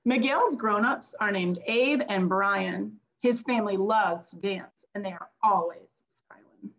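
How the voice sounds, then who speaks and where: A woman's voice: mid-range voice, unhurried, fairly bright tone. A woman with a mid-range voice reads a rhyming picture book aloud in the manner of a teacher. The audio comes through dull and lo-fi. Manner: teacherly read-aloud delivery. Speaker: children's book author; former teacher.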